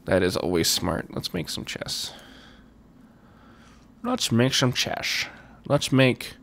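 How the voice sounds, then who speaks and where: A man hosting a Minecraft let's play, chatting casually and muttering to himself as he plays, getting loud and excited when he pleads. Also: medium pitch, slow, gravelly, slight background noise. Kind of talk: casual gameplay commentary.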